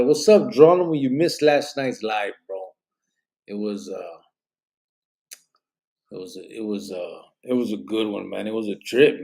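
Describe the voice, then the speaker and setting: This man's voice sits fairly low and has a creaky, mellow quality. Hosting a live podcast, he rambles loosely through chat comments with bits of Spanish slang, yawning and sounding worn out. It's casual live-stream chatter.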